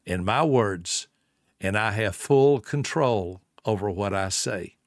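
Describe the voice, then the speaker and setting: A middle-aged man, giving a folksy motivational talk. He tells stories, repeats words for emphasis and drops into soft, low tones. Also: no room sound, clean studio sound. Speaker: speaker on a self-help talk.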